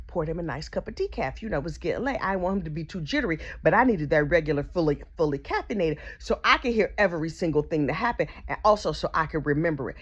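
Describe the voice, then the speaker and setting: Woman, comedic gossip storytelling, sassy and chatty, very animated voice, slightly muffled lo-fi audio. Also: mid-range voice, a little fast. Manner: sassy, chatty asides and mock outrage.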